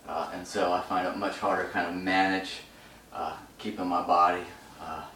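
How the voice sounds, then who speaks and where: A man talks through a stretching routine while holding each position, his low voice breaking into short phrases as he catches his breath. He sounds winded from the effort. The mic sits far from him in an echoey room, with faint ambient noise behind. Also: little pitch movement, normal speed, fairly bright tone. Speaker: stretching instructor. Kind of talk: instructional demonstration.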